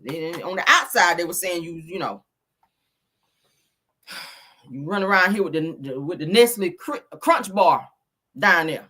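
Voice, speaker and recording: A woman's voice: on the low side, expressive, unhurried, long pauses, pushed and bright. A woman hosting a casual celebrity gossip show, sassy and profane, calling listeners honey and child.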